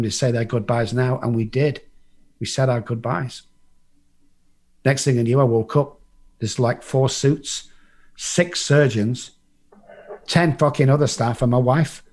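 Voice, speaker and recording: A man's voice: medium pitch, a little mellow. A man from England, telling a personal recovery story to a group, blunt and profane, acting out the people in it. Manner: blunt and profane, acts out the voices in his story. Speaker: recovery speaker.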